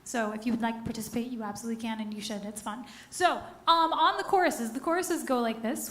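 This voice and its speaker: A woman's voice: on the high side, fast talker, few pauses, a bit bright. A woman band member chatting with a concert audience between songs in a rambling, giggly way, recorded live on stage. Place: live music venue stage. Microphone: stage vocal mic. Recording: roomy live concert sound with band music.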